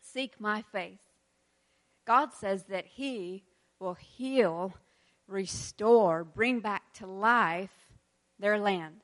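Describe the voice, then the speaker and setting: Woman in her thirties, pastor's wife, casual chatty preaching, quick laughs. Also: mid-range voice, a bit bright. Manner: chatty, laughs often, leads prayer. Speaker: pastor's wife leading a church service. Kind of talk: casual sermon.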